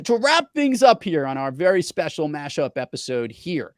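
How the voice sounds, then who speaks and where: A man hosting a podcast in casual chat and telling anecdotes in a lively way. He is a professional speaker. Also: on the high side, normal speed, no echo, studio quality. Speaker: podcast host.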